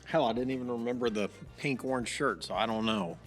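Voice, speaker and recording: A man's voice: medium pitch, brisk, soft background music. A retired male police sergeant, co-hosting in a laid-back, dry way. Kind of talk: casual podcast chat.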